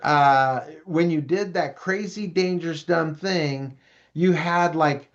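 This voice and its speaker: A man giving a parent education talk, telling stories and asking the audience questions in an animated way. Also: fairly high pitch. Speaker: prevention speaker for parents. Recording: dull lo-fi recording.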